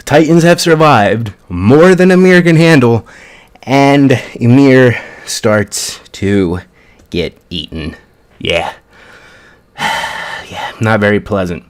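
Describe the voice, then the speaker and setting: A man casually recapping an anime episode in an excited, chatty way, with plenty of swearing. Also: medium pitch. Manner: excited, profane, chatty storytelling. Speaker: anime reviewer.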